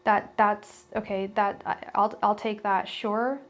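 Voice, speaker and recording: A woman's voice: medium pitch, level tone, a little slow. A young adult woman giving a live-stream tarot reading, talking bluntly and chattily with many restarts. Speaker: tarot reader.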